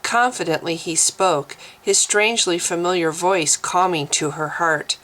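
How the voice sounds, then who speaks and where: Woman narrator, audiobook reading, slow, deliberate, lowish voice. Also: fairly bright tone, poor audio. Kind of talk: audiobook reading of her own novel.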